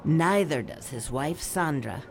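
A woman correspondent delivering a radio news report in a measured, clear way. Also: deep voice, animated, soft background music. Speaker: foreign correspondent.

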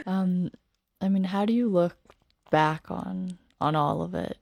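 A woman interviewing a guest, asking gentle, encouraging questions. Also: lowish voice, very animated, slow pace, gravelly, no echo, studio quality.

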